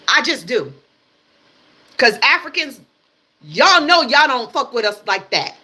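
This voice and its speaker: Blunt, forceful high-voiced woman ranting. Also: big pitch swings, measured pace, slightly rough. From United States. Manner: blunt, emphatic and profane, hammering points with repetition. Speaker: livestream host. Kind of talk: heated livestream rant.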